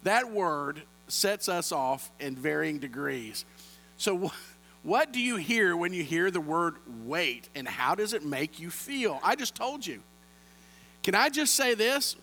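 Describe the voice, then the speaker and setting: A man's voice: high-pitched, sing-song, slow, pushed and bright, long reverb tail. A man, preaching a sermon with humorous stories and playful asides to the congregation, on a handheld microphone. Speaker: pastor.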